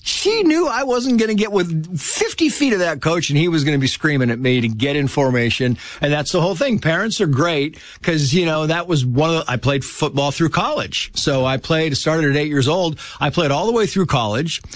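A man chatting as a guest, telling lively stories and acting out the people in them. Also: a little high, fairly quick, few pauses, no echo, clean studio sound. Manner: animated, acts out quoted voices. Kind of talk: casual storytelling.

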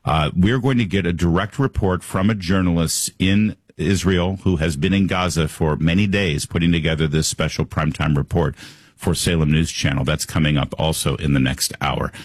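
A male talk radio host holds forth in a sarcastic, opinionated monologue, throwing out rhetorical questions. His voice sits fairly low, and the studio sound is close and dry, with no room echo. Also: fairly even intonation, normal speed.

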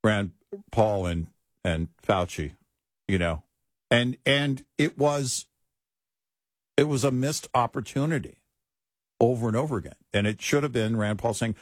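A middle-aged man co-hosting a talk show, chatty and animated in casual political conversation. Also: medium pitch, unhurried, pauses often, no echo, studio quality. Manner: animated, chatty, laughs easily. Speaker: talk radio co-host.

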